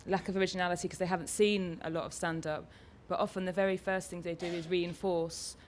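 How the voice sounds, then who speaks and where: A woman comedian on a panel, speaking in a measured, somewhat hesitant way. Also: fairly low pitch, fairly even intonation, a little hiss or hum.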